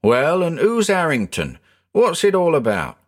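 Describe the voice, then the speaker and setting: A man voicing a rough-spoken older male tram driver with blunt working-class speech, in a storybook reading. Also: on the high side, wildly swooping pitch, measured pace, pitched above the performer's own voice, heavily acted. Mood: hurrying.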